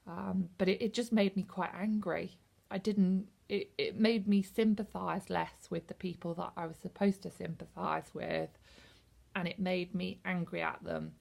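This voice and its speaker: Gravelly-voiced woman rambling through a book review. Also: on the low side, unhurried, darkish tone. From United Kingdom. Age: 30s. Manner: rambling, hesitant, many ums. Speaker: book vlogger. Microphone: camera.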